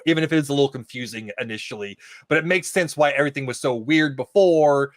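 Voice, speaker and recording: A man's voice: mid-range voice, quick pace, no room sound, clean studio sound. Opinionated man, podcast guest. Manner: opinionated, animated when quoting characters. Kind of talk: casual chat discussing a TV episode.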